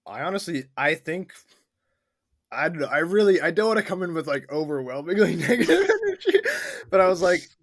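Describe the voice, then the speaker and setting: A man's voice: fairly high pitch, very animated, fairly quick, dry recording, studio quality. A young man co-hosting a casual movie podcast, playfully negative and grumpy in tone. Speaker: podcast co-host.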